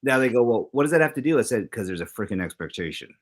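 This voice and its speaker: A middle-aged man co-hosting a casual talk show, telling stories and acting out the quoted lines. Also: fast. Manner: animated storyteller, acts out quoted exchanges with big pitch jumps. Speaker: co-host.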